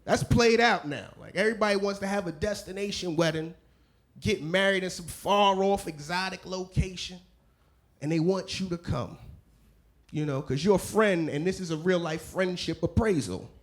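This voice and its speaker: A man doing a stand-up comedy set, complaining in a weary, deadpan way. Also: high-pitched, moderate pace.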